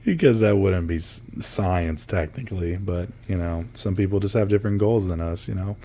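Telling stories in a casual podcast chat, a male co-host laughs often and acts out voices. His voice is deep and dark-toned, at a moderate pace.

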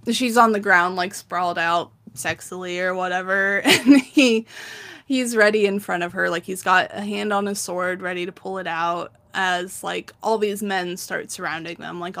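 A woman's voice: lowish voice, bright, forceful tone. A woman co-hosting a podcast, casually retelling a story in a chatty way and laughing often. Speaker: podcast co-host.

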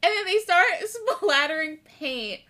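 Young woman co-host, high and bright, animated recapper with a loose mouth. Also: measured pace. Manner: animated storytelling, acts out characters, swears freely. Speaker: podcast co-host. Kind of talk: casual rewatch podcast chat.

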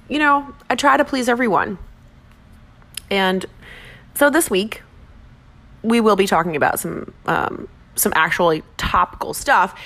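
A woman from Minnesota hosts her own podcast and talks in a loose, rambling, conversational way. She pokes fun at herself as she drifts from one topic to the next. Her voice sits at an ordinary middle pitch. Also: bright, forceful tone. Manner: chatty and rambling, self-deprecating humor. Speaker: podcast host. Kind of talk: casual chat.

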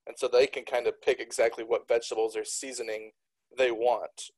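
A man's voice: medium pitch, little pitch movement, fairly quick, darkish tone, husky, low-quality recording. A man co-hosting a podcast in an easygoing, casual chat, asking questions. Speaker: podcast co-host.

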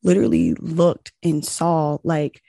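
A young woman chatting casually, telling a long story with animated retellings of quoted exchanges and lots of "like.". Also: low-pitched, slow pace, no echo, studio quality. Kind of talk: casual chat.

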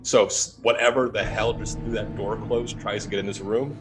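A man's voice: lowish voice, moderate pace, noisy background. A young adult man telling a ghost story casually, acting out the dialogue with laughs. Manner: animated, acts out quoted dialogue with laughs. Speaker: paranormal investigator telling his story.

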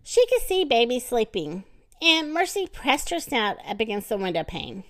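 A woman reading a children's storybook aloud, expressive and deliberate. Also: on the high side. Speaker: narrator.

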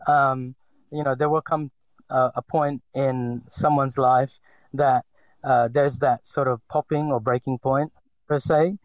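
A man in his forties from the Philippines shares his story in a reflective interview, slightly accented and hesitant, with many fillers and restarts. He speaks at a medium pitch in a steady tone and measured pace, on poor audio without room sound.

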